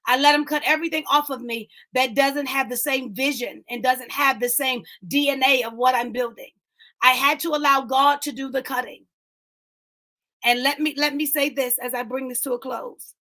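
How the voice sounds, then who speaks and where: Speaking at a normal speed, this woman has a high, sharp voice and a steady tone. As host of an online inspirational session, she delivers preaching-style encouragement, hammering home repeated lines and talking straight to the people watching live.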